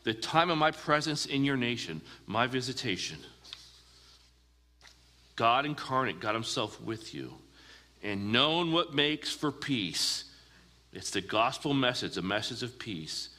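A man preaching a sermon as a pastor, earnest, asking the listeners questions and slowing down for emphasis. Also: mid-range voice, expressive, sharp tone, in a large hall.

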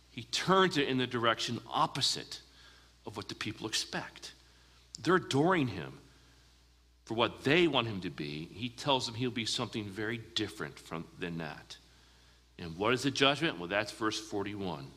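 A man preaching a sermon as a pastor, earnest, asking the listeners questions and slowing down for emphasis. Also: medium pitch, pushed and bright, big-room sound.

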